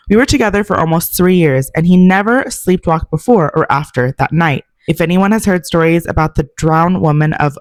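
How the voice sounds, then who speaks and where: A woman's voice: sits low, dry recording. A woman hosting a podcast, reading listener ghost stories aloud and adding chatty, wry comments of her own. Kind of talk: narrating ghost stories with casual asides.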